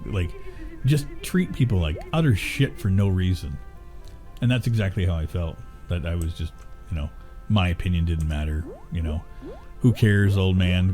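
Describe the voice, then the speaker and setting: A middle-aged man with a lowish voice talks casually while streaming a game. He rambles, grumbles and swears freely, with faint game music playing behind him. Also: dark tone. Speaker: gaming streamer. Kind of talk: casual chat while gaming.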